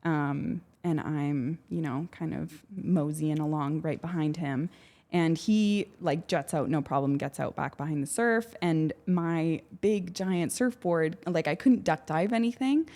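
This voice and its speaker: A woman's voice: low-pitched, a little slow, warm tone. A young woman from Canada, a podcast guest, chattily telling a story with lots of fillers and acted-out voices. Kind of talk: casual storytelling.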